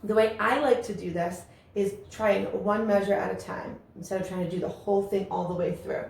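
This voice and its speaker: A woman's voice: medium pitch, steady tone, fairly quick, vocal fry. A woman teaching a music lesson, explaining rhythms and chanting rhythm syllables aloud with encouragement. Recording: very echoey room with faint ambient noise.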